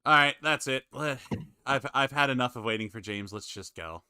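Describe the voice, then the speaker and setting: A man with a very bright, crisp voice chats casually while running a stream with friends. He drifts into quiet muttering as he fiddles with the setup, and the sound is dry and close. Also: mid-range voice, normal speed, no echo. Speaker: stream host.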